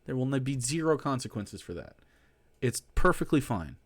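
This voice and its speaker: A man's voice: mid-range voice, very animated, moderate pace. A young man commenting sarcastically on clips during a casual stream, mocking what he hears.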